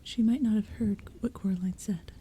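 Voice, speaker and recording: A woman reading a storybook aloud as whispered role-play, in a soft, hushed, mostly unvoiced whisper, with faint rain behind her. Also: mid-range voice, steady tone, normal speed, husky. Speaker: ASMR audiobook reader. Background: soft rain and thunder.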